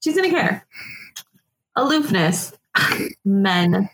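A woman co-hosting a casual podcast, retelling scenes with animated, profane indignation. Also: mid-range voice, slow pace, poor audio. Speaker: podcast co-host. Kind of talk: casual recap chat.

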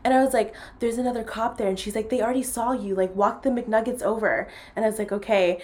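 A young woman hosting a podcast, telling a story in a casual, animated way and acting out each line of dialogue between bursts of laughter. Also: fairly high pitch, quick pace.

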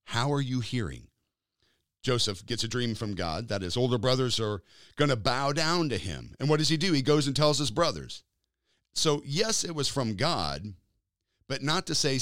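A man preaching in a conversational style, emphatic, drawing out key words and jumping up in pitch to stress them. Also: sing-song, normal speed, fairly bright tone, no room sound, clean studio sound. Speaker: pastor.

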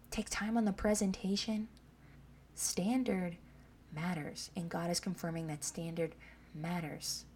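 A woman's voice: lowish voice, a little mellow, a little hiss or hum. A woman preaching a sermon, reading scripture aloud and pressing her points with repeated questions to the listeners. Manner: emphatic, asks the listeners "Amen?".

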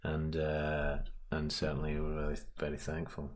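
A man playing an earnest band member who talks hesitantly and politely with many pauses, in an improvised comedy interview. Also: a bass voice, completely flat delivery. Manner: hesitant, polite, lots of ums. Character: earnest, very deep-voiced male band member.

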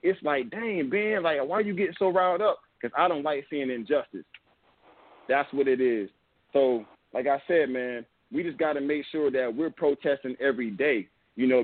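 A young man hosting a podcast, talking earnestly in a rambling, casual way and often saying "you know what I'm saying". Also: mid-range voice. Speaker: podcast host. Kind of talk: casual opinion talk. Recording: dry, tinny phone-like sound.

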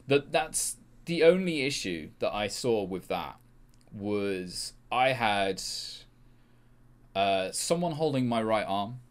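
A man, a podcast guest telling an animated story with frequent laughter and swearing. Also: lowish voice, slow pace, clean tone. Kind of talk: casual podcast chat.

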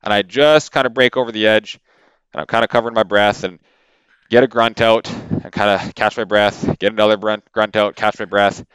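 Into a podcast microphone, a man from Canada shares a story as a guest, casual and animated, leaning heavily on fillers and repeating words. His voice is on the low side with a clean tone at normal speed, and there is no room sound.

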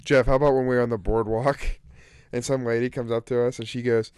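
A man's voice: medium pitch, brisk, smooth, dry recording, studio quality. A man casually telling anecdotes among friends on a podcast, acting out the voices of the people he quotes. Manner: animated storyteller, acts out quoted voices. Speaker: podcast co-host. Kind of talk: casual storytelling chat.

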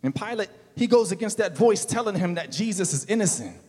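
A male pastor preaching a sermon in a casual, slangy way, building to loud, emphatic calls. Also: high-pitched, animated, fairly quick, in a large hall.

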